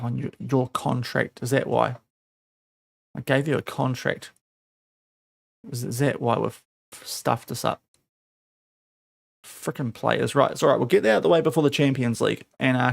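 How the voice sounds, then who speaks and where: A man's voice: mid-range voice, creaky, dry recording. A young man streaming a football management game, talking casually and scolding his virtual players in exasperation. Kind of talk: casual live-stream commentary.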